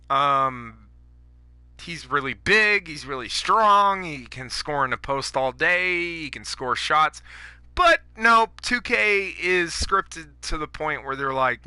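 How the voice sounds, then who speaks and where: Sharp-voiced man ranting over gameplay. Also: a little high, smooth, no room sound. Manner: angry, profane ranting. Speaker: gaming YouTuber.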